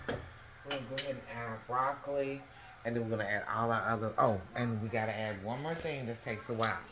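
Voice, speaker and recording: A woman hosting a casual home cooking demonstration, talking the viewer through each step and checking in with a quick "okay?" again and again. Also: extremely low pitch, noisy background. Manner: chatty, keeps checking in with the viewer by asking "okay?". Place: home kitchen. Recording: echoey kitchen with background music.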